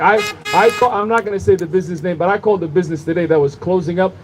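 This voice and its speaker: A man's voice: sits high, fast talker, few pauses, poor audio. Man giving an impassioned protest speech. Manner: rhythmic, repeating rhetorical phrases. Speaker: rally speaker. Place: outdoor street protest at night.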